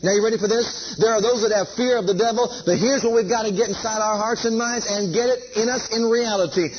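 High-voiced man preaching on lo-fi tape. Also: fairly even intonation, quick pace, background noise. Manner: emphatic, repeats key phrases, leads the audience in saying lines. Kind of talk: sermon.

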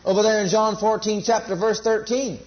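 A man's voice: high voice, steady tone, fairly quick. A man preaching a sermon, emphatic and repetitive, drawing the congregation into call-and-response. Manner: emphatic, repeats key phrases, leads congregation call-and-response. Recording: dull lo-fi sermon recording.

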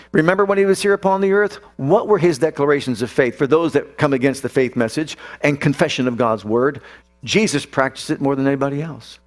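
A man preaching a sermon as pastor. His delivery is emphatic, with drawn-out declarations and sudden drops and rises. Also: medium pitch.

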